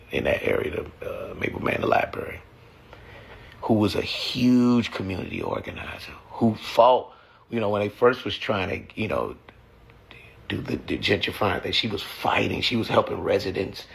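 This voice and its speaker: A man with a low, gravelly, husky voice talks casually and emotionally about his family and faith. His reflective talk is blunt and full of cussing.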